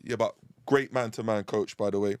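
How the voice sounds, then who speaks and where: A man co-hosting a casual football chat show, animated and playful, arguing and laughing with his co-host. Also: on the low side, normal speed, smooth, no room sound.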